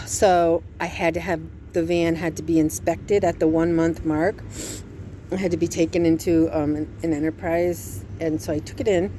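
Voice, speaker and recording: A woman's voice: low voice, steady tone, moderate pace, dark tone, slight background noise. Anxious, rambling woman vlogger. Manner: rambling, jumping from subject to subject. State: overwhelmed and anxious. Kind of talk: candid personal vlog.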